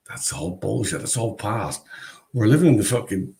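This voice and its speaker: A man's voice: fairly low pitch, sing-song, a little slow, vocal fry, darkish tone. A man hosting a casual livestream chat over a video call, ranting with heavy swearing. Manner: profane, ranting. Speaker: livestream host.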